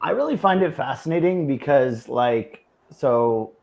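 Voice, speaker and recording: A man co-hosting a laid-back podcast conversation. He talks bluntly and peppers his speech with profanity. His voice sits at an ordinary middle pitch, and he breaks into easy laughs. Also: animated, unhurried, gravelly, a little mellow. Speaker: podcast co-host. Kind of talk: casual chat.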